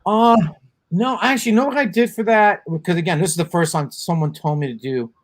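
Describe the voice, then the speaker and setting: A man from the Bronx, chatting in an interview as a guest actor, pausing often on ums and uhs. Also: sits high, dry recording. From the Bronx, New York. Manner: halting, many ums and uhs. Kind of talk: casual interview chat.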